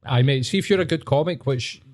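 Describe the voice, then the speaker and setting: A man's voice: mid-range voice, fairly quick, a little mellow. A man with a Glaswegian Scottish accent, a podcast guest talking earnestly and reflectively, swearing and saying "mate" a lot. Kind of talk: casual podcast chat.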